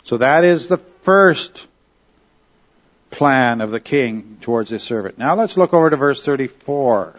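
A man's voice: mid-range voice, expressive, measured pace, highs cut off. Conversational man teaching a Bible lesson. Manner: conversational, checks in with "okay?" and "all right?".

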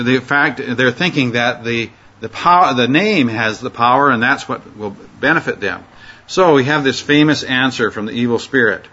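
A man's voice: mid-range voice, sharp tone. A man teaching an informal Bible study lecture, talking conversationally with frequent fillers and restarts. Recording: dull lo-fi recording.

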